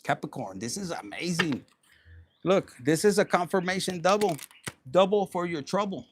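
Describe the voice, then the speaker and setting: A man doing a casual, animated tarot reading, swearing often and slipping into Spanish slang. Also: sits high, normal speed, background noise. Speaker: tarot reader.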